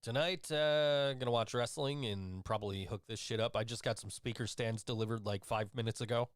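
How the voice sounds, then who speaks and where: A man's voice: medium pitch, brisk, smooth, dry recording, clean studio sound. A man hosting a casual radio show, easygoing and hesitant, with many fillers. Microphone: studio mic.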